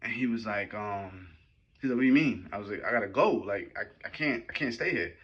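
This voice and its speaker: A man hosting a podcast, telling a personal story in a casual, animated and slangy way, often checking in with his listeners. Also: on the low side, brisk, breathy edge, muffled recording. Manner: animated, slangy, rambling with frequent "right?" and "you know what I'm saying". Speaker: podcast host.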